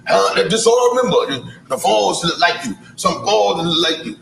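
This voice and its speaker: A man telling an excited story in an interview, halting and restarting his sentences as he goes. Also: high-pitched, vocal fry. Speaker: guest storyteller. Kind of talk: animated interview anecdote. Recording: echoey room with background noise.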